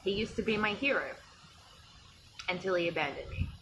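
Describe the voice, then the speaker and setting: A woman's voice: mid-range voice, moderate pace, a bit bright, slight background noise, poor audio. A young adult woman with an Australian accent talks openly to camera in a casual, reflective vlog, restarting phrases as she goes. She is speaking from an outdoor swimming pool. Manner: candid, reflective, with frequent restarts and fillers. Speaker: vlogger. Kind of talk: casual personal talk to camera.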